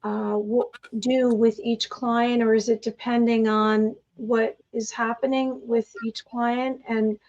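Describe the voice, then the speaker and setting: A woman's voice: fairly high pitch, level tone, takes it slowly, hardly any pauses, a little mellow, muffled recording. A woman co-hosting a podcast, interviewing a guest by asking questions that list several options. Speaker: podcast co-host.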